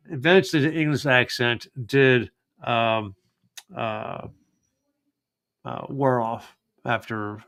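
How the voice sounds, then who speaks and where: A man's voice: mid-range voice, clear, resonant tone. A middle-aged man hosting a live genealogy show, chatting casually with lots of fillers and restarts. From United States. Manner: rambling, many fillers and restarts. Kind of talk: casual live-stream chat.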